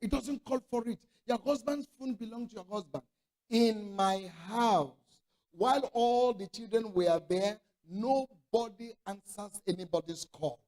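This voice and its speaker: Male pastor, middle-aged, sermon, high voice, storytelling, acts out dialogue, rhetorical questions. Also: measured pace, darkish tone. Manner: storytelling preacher who acts out quoted dialogue.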